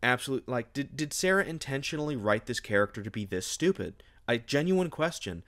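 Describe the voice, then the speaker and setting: A man's voice: mid-range voice, very animated, fairly quick, a bit bright. A young man giving a casual, sarcastic, exasperated book review, ranting and mocking as he retells the plot.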